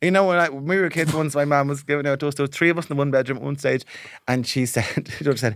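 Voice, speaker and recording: A man with a higher-than-usual voice tells stories in a casual podcast chat, laughing often and acting out the lines of the people in them. The recording is dry and close, with no room sound. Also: fairly even intonation, quick pace, a bit bright, no echo. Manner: chatty storyteller, laughs often, acts out quotes. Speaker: podcast co-host.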